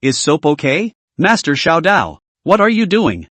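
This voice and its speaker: A relaxed young master who sounds casual and unbothered, read by a man in his normal narrating voice. His pitch moves about in a lively way, and the sound is dry and close. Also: measured pace, dry recording, exaggerated voice. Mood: offhand.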